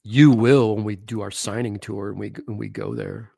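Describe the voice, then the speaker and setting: A man's voice: on the low side, steady tone, normal speed, vocal fry, a little mellow, slightly rough, no echo. A man who is a comic artist, hosting a casual, enthusiastic chat about comics, full of slang and casual swearing.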